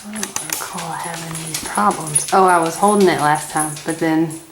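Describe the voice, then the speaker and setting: A woman's voice: sits low, normal speed. A woman running the camera in a home kitchen, joking playfully in casual banter. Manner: joking, playful about wobbling. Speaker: camera operator helping the host. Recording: echoey kitchen with background noise.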